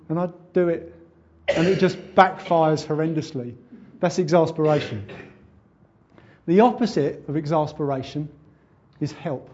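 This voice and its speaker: A man's voice: on the high side, a little slow, long pauses, a little mellow, husky, dull audio. A man preaching a sermon in an earnest, conversational way. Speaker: pastor.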